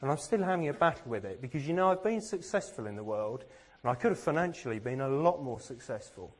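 A man's voice: mid-range voice, lively intonation, fast talker, husky. A man from England giving a sermon, earnest and self-deprecating, with plenty of rhetorical questions. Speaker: preacher.

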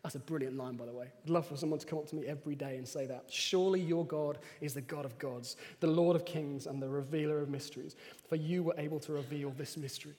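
A man's voice: on the high side, fairly even intonation, fast talker, a little mellow. A man preaching a sermon in a conversational way, telling personal stories with animation. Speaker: pastor. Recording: reverberant hall.

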